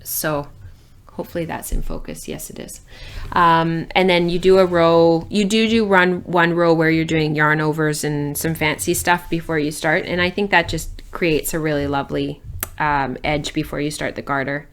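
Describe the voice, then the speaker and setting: A woman with a notably low voice talks casually to the camera about her knitting. She is chatty and enthusiastic, with frequent ums and self-corrections, like a relaxed video host. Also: normal speed, clean tone. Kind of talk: casual show-and-tell chat.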